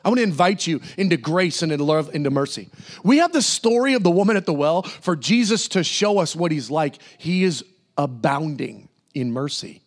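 A man preaching a sermon in a church with a fairly high, very lively voice that rises and falls widely. He acts out Bible figures in casual, playful voices. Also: normal speed. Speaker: pastor.

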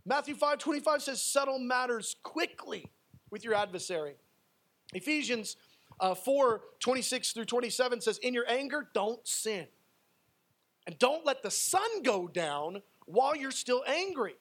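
High-voiced preacher man, animated. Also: measured pace. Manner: animated preaching, swings between loud emphasis and hushed asides; acts out quoted speakers in a raised voice. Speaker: pastor. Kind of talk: sermon.

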